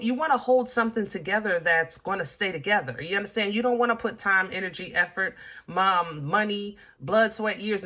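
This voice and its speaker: Woman reading tarot cards for her viewers, bright sharp voice, chatty with lots of ums and okays. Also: on the low side. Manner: chatty, emphatic, many fillers, talks straight to viewer. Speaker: tarot reader.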